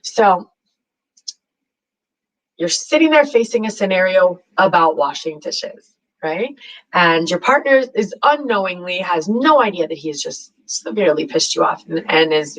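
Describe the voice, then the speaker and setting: A woman's voice: lowish voice, lively intonation, normal speed, low-quality recording. A woman hosting a spiritual self-help channel, talking casually and repeating herself, with lots of "like" and "right?" tags. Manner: chatty and repetitive, with many "like" and "right?" tags.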